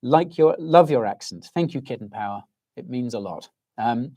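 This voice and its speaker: A man's voice: mid-range voice, expressive, moderate pace, warm tone. A middle-aged English man hosting a livestream in casual chat, with a soothing, soporific voice, rambling and ranting as he reacts to viewers' comments. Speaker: livestream host.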